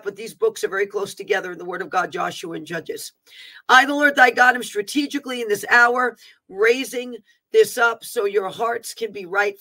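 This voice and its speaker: Woman preacher, bright, sharp tone, declaiming a prophetic word with asides. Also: mid-range voice, low-quality recording. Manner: earnest, declaiming, with asides on capitalization. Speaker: prophetic minister.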